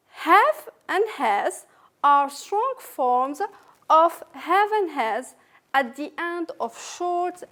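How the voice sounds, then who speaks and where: A woman teacher with a French accent giving a recorded English revision lesson, slowly repeating each word and sentence for her learners. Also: high-pitched.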